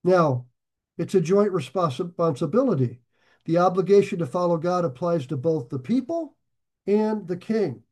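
A man with a high voice preaching a sermon. He talks to his listeners in a plain, chatty way. He drags out and lifts the phrases he wants to press home. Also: expressive, darkish tone. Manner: emphatic, slows and rises to stress key phrases; conversational asides to listeners. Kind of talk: sermon on scripture.

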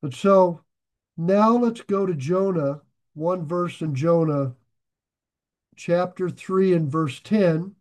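In a high, lively voice, an older male pastor delivers a sermon slowly and in a plain, folksy style. He slips jokes in between scripture readings, and his voice swells suddenly louder at key points.

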